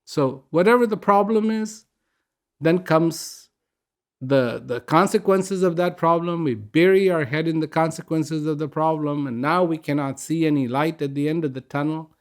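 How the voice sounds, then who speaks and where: An older man giving a reflective broadcast talk, unhurried and conversational, with asides and soft laughs while he tells a joke. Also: on the high side.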